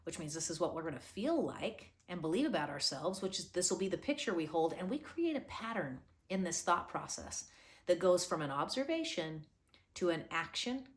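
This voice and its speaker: A woman with a fairly low voice gives a motivational talk straight to her viewers. She coaches in an earnest way and keeps asking rhetorical questions to push them to reflect. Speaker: motivational host.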